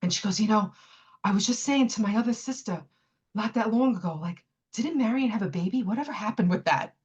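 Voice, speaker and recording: A woman in her fifties who is a podcast guest, telling a personal story in a lively way and acting out the dialogue with "I go" and "she goes" quotes. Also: mid-range voice, a little fast, slightly rough. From New York City. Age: 50s. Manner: chatty, with frequent fillers and restarts.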